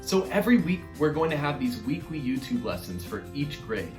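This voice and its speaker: A man's voice: mid-range voice, big pitch swings, fairly quick, reverberant. A man teaching an online music lesson to children in a playful, encouraging way.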